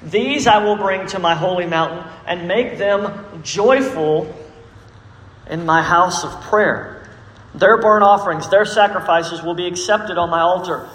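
A man's voice: high-pitched, unhurried, a bit bright. A man preaching a sermon, emphatic and full of questions to the congregation. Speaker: pastor. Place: church sanctuary. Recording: echoey reverberant church hall.

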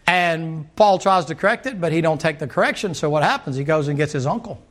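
A man. He moves from quiet, low asides up to loud, emphatic runs. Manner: acts out dialogue in quick playful voices. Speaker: pastor. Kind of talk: sermon.

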